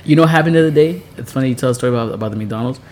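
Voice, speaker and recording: A man co-hosting a podcast, telling stories in an animated casual way with frequent laughter. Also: mid-range voice, racing, a little hiss or hum. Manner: animated storyteller, laughing often. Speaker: podcast co-host. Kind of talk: casual chat.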